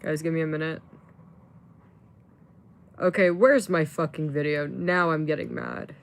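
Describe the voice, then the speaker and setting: A woman's voice: deep voice, measured pace, creaky. A woman livestreaming in casual chat, rambling with lots of fillers and swearing when frustrated.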